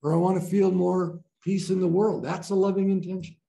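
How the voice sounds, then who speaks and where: A man teaching a group about breathwork in a gentle, playful way, often laughing as he talks. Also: sits high, flat delivery, fairly quick, vocal fry. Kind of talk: informal group teaching talk. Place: training room with a group.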